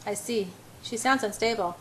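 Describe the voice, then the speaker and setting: A woman's voice: a little high, moderate pace, a bit bright, a little hiss or hum, natural voice. A woman voicing a concerned young man in an amateur audiobook reading. He talks casually and swears when he is shocked. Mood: calm.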